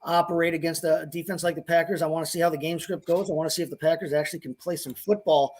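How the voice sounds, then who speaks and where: This man has a fairly high voice for a man and talks fantasy football in a loose, casual way. He wanders through his points with lots of restarts and hedging, sounding like a co-host riffing on a live show. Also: steady tone, fast talker, darkish tone. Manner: rambling, lots of restarts and hedges. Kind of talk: casual sports chat.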